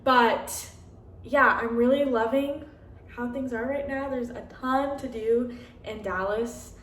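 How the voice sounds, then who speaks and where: A woman's voice: on the high side, fairly even intonation, takes it slowly, slight background noise. A young woman vlogging casually from her apartment, chatty and full of "like" and fillers, acting out conversations as she tells them. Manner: chatty, many fillers and "like", acts out quoted dialogue. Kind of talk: candid casual chat. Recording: roomy echo, slightly distant mic.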